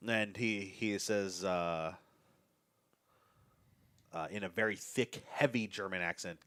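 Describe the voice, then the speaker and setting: A man acting as game master, narrating a tabletop game in a loose, halting way. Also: sits low, pushed and bright, no echo. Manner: loose, halting, with many fillers and restarts.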